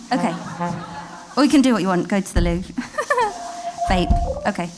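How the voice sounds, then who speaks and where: A woman spoken-word poet, performing live on a theatre stage, mixing giggly, rambling asides with slow, lyrical recitation. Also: mid-range voice, very animated, over loud music.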